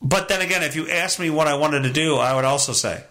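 A man's voice: on the high side, quick pace, bright, forceful tone. A young man hosting his own podcast, rambling casually in a profane, self-mocking way. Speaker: podcast host. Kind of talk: casual solo podcast monologue.

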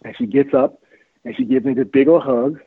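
A husky, breathy-edged man preaches fervently, hammering his points with repetition. His voice is dry and close, squeezed through thin phone-line audio. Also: medium pitch, fairly even intonation, brisk, dry recording. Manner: fervent, repetitive, laughs often. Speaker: guest, street outreach worker. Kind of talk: preachy, emphatic interview talk.

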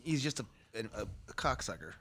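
A man on a casual podcast chat, speaking in a hesitant, halting way. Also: medium pitch, sing-song, gravelly, bright, forceful tone.

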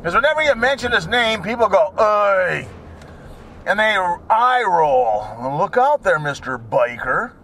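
Man, driving vlog, rambling sarcastic rants, high animated voice, faint road noise behind. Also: normal speed, few pauses. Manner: ranting, sarcastic, drifts between topics, swears. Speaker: vlogger. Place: in a car while driving.

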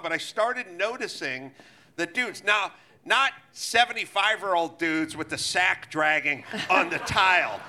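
Bright, high-voiced animated male host. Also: a little slow. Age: middle-aged. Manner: animated, swearing, laughs mid-sentence. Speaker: podcast host. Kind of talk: profane comedic storytelling. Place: live show on stage.

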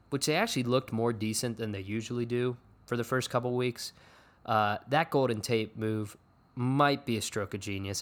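A man chats loosely on a podcast, rambling between topics. He pokes fun at himself and throws in jokes. The tone stays casual and offhand. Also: mid-range voice. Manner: rambling, self-deprecating, joking. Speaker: podcast host. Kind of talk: casual fantasy sports podcast chat.

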